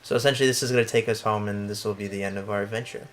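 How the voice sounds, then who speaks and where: A man's voice: fairly low pitch, fairly even intonation, rapid-fire, fairly bright tone. Chill let's play guy rambling over gameplay, faint hiss. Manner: rambling, filler-heavy restarts. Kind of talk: casual gameplay commentary.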